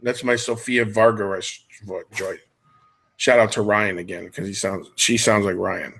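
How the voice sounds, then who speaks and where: A man's voice: fairly low pitch, steady tone, normal speed, gravelly, fairly bright tone, slight background noise. A middle-aged man hosting a podcast, chatting casually and jokily as he wanders off on tangents. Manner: rambling, jokey, jumps between tangents. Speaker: podcast host.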